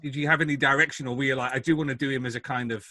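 A man's voice: mid-range voice, fairly even intonation, rapid-fire, bright, forceful tone. A man hosting a podcast who asks his questions hesitantly and often stumbles over them. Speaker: podcast host. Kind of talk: interview questions.

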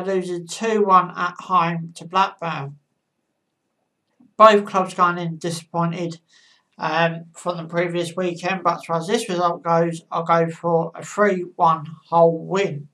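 A woman casually giving football match predictions, with a halting delivery and frequent pauses. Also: lowish voice, fairly bright tone. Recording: voice a bit far from the mic.

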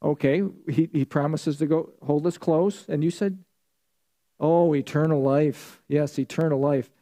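Man, Bible study teacher, slightly high, mellow voice, conversational, quizzes the class. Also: normal speed. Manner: conversational teaching, asks the class questions and answers them. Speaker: pastor. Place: church.

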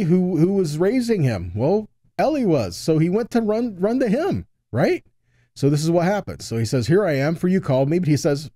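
Mellow-voiced man teaching scripture. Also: on the high side, dry recording, studio quality. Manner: reads scripture aloud with frequent asides and repetitions. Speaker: Bible teacher. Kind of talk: Bible teaching.

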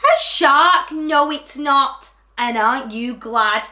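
A woman's voice: sits high, takes it slowly, few pauses, echoey room. Sing-song woman reading to children. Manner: sing-song, animated, addresses children directly. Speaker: teacher reading a picture book. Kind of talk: storybook read-aloud for children.

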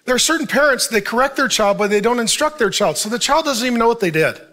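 A middle-aged pastor with a fairly high voice, preaching in a relaxed, conversational way. He throws questions out to the audience and slips into short acted lines of dialogue as he talks. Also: quick pace. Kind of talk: sermon.

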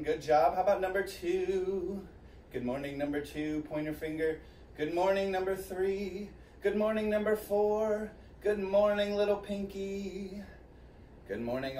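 A man leading a preschool music class online, cheerful and encouraging, talking slowly and sing-song to young children. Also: high voice, darkish tone, roomy sound, distant mic, slight background noise. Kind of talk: virtual kids' music class. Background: guitar and tambourine.

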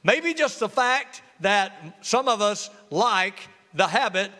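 Animated, bright-voiced preacher man. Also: high-pitched, slow. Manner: lively call-and-response preaching with humor. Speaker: pastor. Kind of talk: sermon. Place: church sanctuary. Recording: reverberant church hall.

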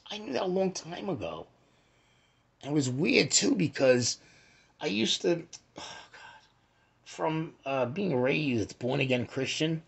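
Man, gravelly husky voice, lively swinging pitch, casual rambling talk, swears a lot. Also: a little slow. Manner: animated, swearing, acts out quotes with sudden shouts and whispers. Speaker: host of an astrology talk.

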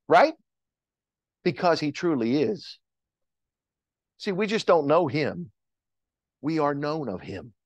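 A man's voice: a little high, no room sound. A male pastor preaching a sermon in church, with impassioned rises and calls to the congregation. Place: church sanctuary.

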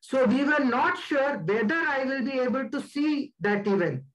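A man giving a slide presentation as a guest speaker, deliberate and stressing key words. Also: very high voice, animated, fairly bright tone, rough recording.

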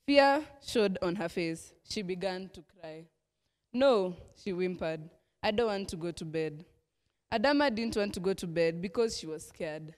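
A young Kenyan woman presenting a church teens' lesson, praying and reading a mission story aloud at a measured pace. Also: fairly low pitch. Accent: Kenyan English. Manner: measured, prayerful delivery. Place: church hall. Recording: echoey hall reverb.

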